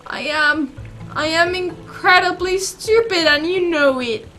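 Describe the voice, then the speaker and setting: A young girl student, frightened and full of self-doubt, pleading in a raised voice, played by a woman. Her voice sits fairly high, with game music clearly behind. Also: measured pace, a bit bright. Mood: upset. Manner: pleading, upset.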